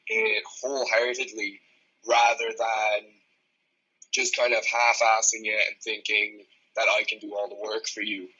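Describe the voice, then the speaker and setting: A young Irish man in his twenties, talking as a strength coach on a podcast. His voice is very bright with a husky edge. He speaks bluntly and frankly and swears freely. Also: mid-range voice, dull audio. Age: 20s. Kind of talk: casual podcast conversation.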